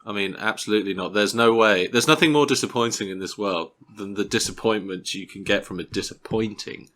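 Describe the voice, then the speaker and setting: A man's voice: fairly low pitch, fairly quick, fairly bright tone. A man co-hosting a podcast in casual chat, chatty and given to playful teasing. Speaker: podcast co-host.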